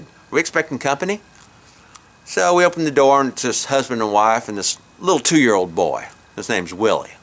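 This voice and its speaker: Outdoors at a campsite, a middle-aged man with a sharp, mid-range voice hosts a comic story told in a folksy way. He chuckles at his own jokes.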